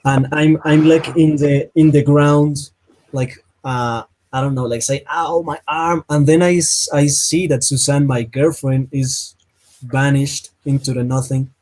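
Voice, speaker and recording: A man playing in a tabletop roleplaying game, telling what his character does in excited, halting bursts. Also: mid-range voice, rough recording. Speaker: player.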